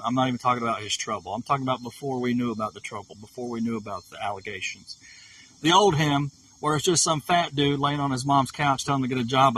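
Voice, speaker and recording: A man delivers a blunt, profane, unscripted rant, circling back to the same points again and again. His voice sits at an ordinary pitch and comes across slightly distant from the microphone. Crickets chirp in the background. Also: fairly bright tone, slight background noise. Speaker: streamer. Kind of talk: unscripted ranting monologue.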